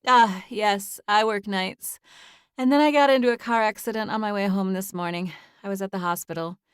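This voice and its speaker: A woman's voice: mid-range voice, normal speed, clear, resonant tone, no room sound, studio quality, close to an everyday voice. A woman voicing an exhausted young woman who answers politely and apologetically, in an audiobook. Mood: apologetic.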